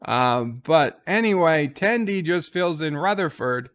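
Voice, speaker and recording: A man's voice: fairly high pitch, expressive, a little slow, fairly bright tone, clear, resonant tone. A man casually recapping a TV episode as a reviewer, rambling with fillers and quoting lines.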